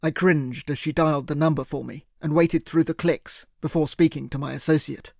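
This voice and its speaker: A man narrating a first-person thriller audiobook in a steady, earnest way. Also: on the high side, normal speed, vocal fry, dry recording, clean studio sound.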